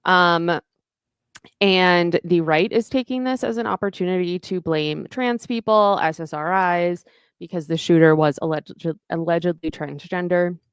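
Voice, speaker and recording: A woman co-hosts a podcast and speaks in a direct, earnest way, laying out facts plainly. Her voice is smooth and clear, a little low, and recorded dry and close. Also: a little slow, no echo. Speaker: podcast co-host. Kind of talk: casual podcast chat.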